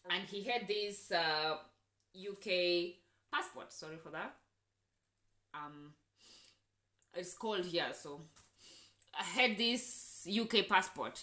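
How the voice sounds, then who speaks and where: A young Kenyan woman with a Kenyan accent, telling a travel story in an indignant, animated way for her vlog. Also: on the low side, echoey room. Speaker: vlogger.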